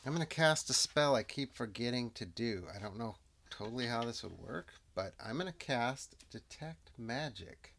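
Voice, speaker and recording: Talking through a solo tabletop game, this man takes his time and considers every move aloud, often muttering quietly to himself. His voice is low with a gravelly fry, and there is slight background noise.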